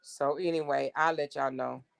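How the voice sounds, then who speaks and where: Gravelly woman hosting a blunt livestream. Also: sits low, steady tone, moderate pace. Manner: reads text messages aloud, exasperated and blunt, swears freely. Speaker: livestream host. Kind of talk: casual livestream commentary.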